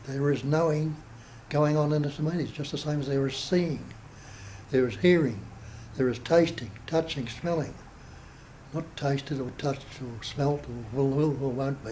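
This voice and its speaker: A man, a spiritual teacher, giving a measured talk to a small group and posing rhetorical questions as he explains. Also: fairly high pitch, dark tone, a little hiss or hum, poor audio.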